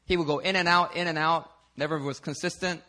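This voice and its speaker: A man from Philadelphia preaches at a church service, telling stories in a loose, conversational way. His voice sits a little high with a bright, forceful edge, and he moves from hushed asides to loud, animated peaks. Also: brisk. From Philadelphia, United States. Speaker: pastor. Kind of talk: sermon with storytelling.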